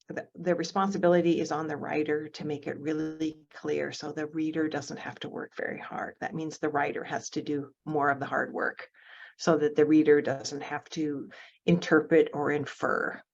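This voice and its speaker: A woman teaching an online writing workshop, explaining step by step in a measured way with some fillers, over a video call. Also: low-pitched, lo-fi sound.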